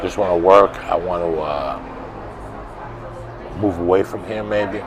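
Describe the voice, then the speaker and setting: A man being interviewed outdoors, telling blunt, swearing stories that build to loud, animated bursts. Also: deep voice, a little slow, over music, rough recording. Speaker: interview guest. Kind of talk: profane storytelling in conversation. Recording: street crowd and traffic behind.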